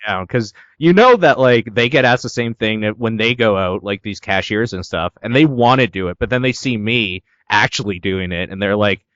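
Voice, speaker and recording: Blunt, profane podcast man, low voice. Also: normal speed, hardly any pauses, a bit bright, clean tone, no echo. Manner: blunt, profane, gleeful ranting. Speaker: podcast co-host. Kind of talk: casual chat. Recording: slightly dull dry sound.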